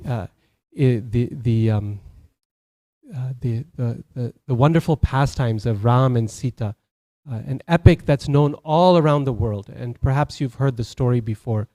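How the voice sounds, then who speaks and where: A man's voice: medium pitch, unhurried, dark tone. A man giving a Sunday sermon as a temple speaker, telling stories conversationally, with many fillers and restarts.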